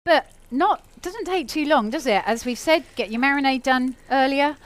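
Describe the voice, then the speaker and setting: A woman's voice: sits high, moderate pace. A middle-aged woman hosting a live cooking show, talking in a chatty, enthusiastic way. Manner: chatty, enthusiastic, warm-hearted rambling. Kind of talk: live cooking demo chat.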